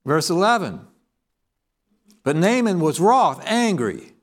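Male preacher with a lively, swooping pitch, asks the room questions as he goes. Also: a little slow, long pauses. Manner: reads scripture aloud in King James wording. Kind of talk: sermon.

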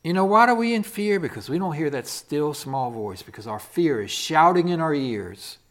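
A man preaching a sermon in an animated storytelling way, swinging from loud to soft. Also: a little high, moderate pace.

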